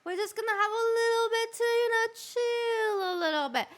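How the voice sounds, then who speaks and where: Very high-voiced excitable woman host. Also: moderate pace. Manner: excitable, stammering restarts. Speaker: streamer host. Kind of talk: casual interview chat.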